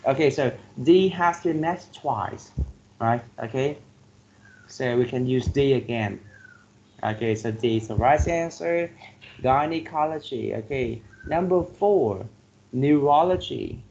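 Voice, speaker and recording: A male teacher going through a vocabulary exercise, slowly repeating each word and filling pauses with "like" and "okay". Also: mid-range voice, a little mellow. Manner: slow, repeats words to drill pronunciation; filler-heavy, says "like" and "okay" often. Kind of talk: classroom lesson on word stress. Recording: dull lo-fi classroom recording with faint noise.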